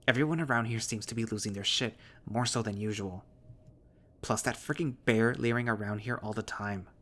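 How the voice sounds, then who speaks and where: A stout male fennec with a calm, lackadaisical way of talking, as a man reads him. His voice sits low and easygoing. He comes from a spoken visual novel reading. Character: stout laid-back male fennec stoner.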